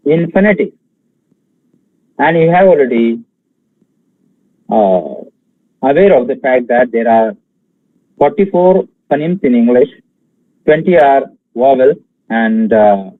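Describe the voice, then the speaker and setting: A man from India giving an online exam-prep lecture, talking slowly with many fillers and pausing to count out syllables and stresses. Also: medium pitch, dry recording, phone-quality sound. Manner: slow, halting delivery with many fillers, counting out feet and stresses.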